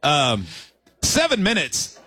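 Lively, high-voiced radio host. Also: male voice, takes it slowly, a little hiss or hum. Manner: animated, laughing, acts out voices in his story. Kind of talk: storytelling on a morning radio show. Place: radio studio broadcasting live from a restaurant.

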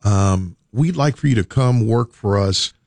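A man voicing a smooth, persuasive male recruiter in a casual talk. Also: lowish voice, a little slow, a little mellow, no room sound. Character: smooth male business recruiter making an offer.

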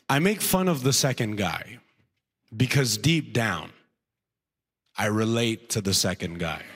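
A man performing a stand-up comedy routine, animated and laughing at his own jokes. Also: medium pitch. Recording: long hall reverb.

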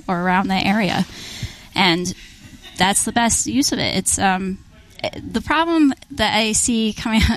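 A woman's voice: medium pitch, fairly bright tone, rough recording. A woman who is a policy director, answering interview questions in a conversational way, explaining at length with frequent restarts. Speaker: policy director for a farm group. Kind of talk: interview guest.

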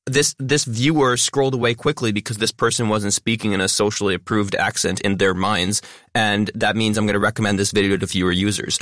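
A man and content creator speaking as a guest in an interview, talking quickly and stressing many words. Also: lowish voice, fairly bright tone, no echo, studio quality. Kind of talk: interview conversation.

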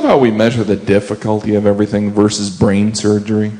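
A man's voice: lowish voice, level tone, brisk, hardly any pauses, warm tone. A man doing an observational stand-up set on stage, chatting with asides to a live audience. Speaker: stand-up comedian. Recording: live show with audience laughter.

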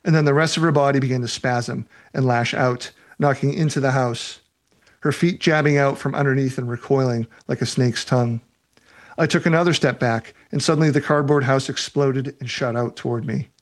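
A man who writes novels reads aloud from his book and answers reader questions in a relaxed way, laughing often. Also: mid-range voice, normal speed. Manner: relaxed, laughs often, uses fillers such as "you know".

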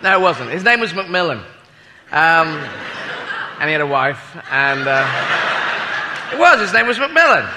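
A man with a fairly high voice does stand-up, wandering through his story with self-mocking asides. A long hall echo trails his words, and a clear audience sound fills the background. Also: sing-song, moderate pace, pauses often. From Britain. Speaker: stand-up comedian. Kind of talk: stand-up comedy. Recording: echoey hall, audience noise.

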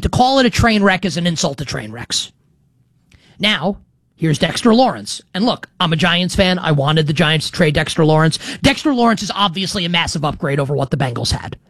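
A man's voice: high-pitched, fairly bright tone, no room sound. A man in his thirties hosting a sports betting show, talking in a loose, rambling monologue full of restarts and asides. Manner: chatty and rambling, with frequent restarts and "like". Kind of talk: casual talk-show monologue.

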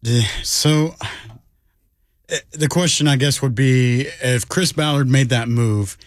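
A man's voice: mid-range voice, slow, no echo, studio quality. A man co-hosting a casual sports podcast, easygoing and a bit rambling.

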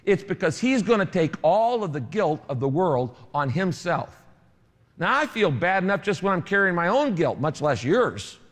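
A man preaching a sermon, emphatic, with dramatic pauses. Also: high voice, big pitch swings, long reverb tail. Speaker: pastor.

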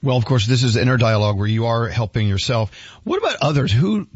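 A male radio host asks probing questions in a husky voice that swings around a lot in pitch, now and then turning playful. The sound is dry, with a dull lo-fi radio quality. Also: sing-song, fast, no echo. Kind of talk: radio interview.

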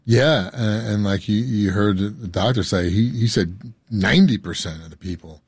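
A man's voice: fairly low pitch, normal speed, slightly rough, dry recording. A man talking as a guest on a radio show, earnest, repeating himself and stumbling over words. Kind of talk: casual conversation.

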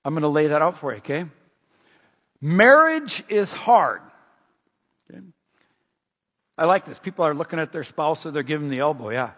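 In a church sanctuary, an older pastor delivers a sermon in a high, husky voice, talking fast with a steady tone in a folksy, conversational style full of emphatic repetition. The recording sounds dull and lo-fi, with long reverb from the hall.

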